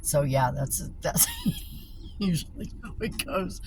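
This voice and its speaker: A woman's voice: low voice, takes it slowly. A woman vlogging casual stories while driving, blunt and profane and laughing often. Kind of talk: casual storytelling vlog. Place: inside a car while driving. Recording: steady car noise behind. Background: road and engine noise.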